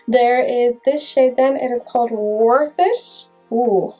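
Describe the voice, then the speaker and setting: A woman's voice: fairly high pitch, slow, dark tone, soft background music, rough recording. Chatty woman reviewing makeup. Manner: chatty, self-mocking humor. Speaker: makeup vlogger.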